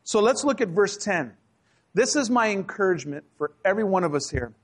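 A man with a high, light voice delivers a sermon from a church pulpit. He preaches casually, mixing warnings with jokes and little acted-out exchanges. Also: sing-song, a little fast. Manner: humorous, conversational preaching with acted asides. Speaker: pastor. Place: church sanctuary.

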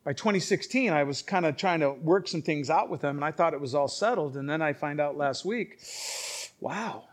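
A male pastor preaching a sermon, emphatic and swinging between quiet asides and loud exclamations. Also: on the high side.

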